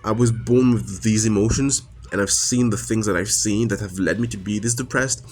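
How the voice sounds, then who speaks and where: A man's voice: fairly low pitch, fairly even intonation, normal speed. A man talking straight to camera in a personal confessional monologue. He is emotionally raw and frustrated, and his speech halts with many restarts and fillers. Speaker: vlogger.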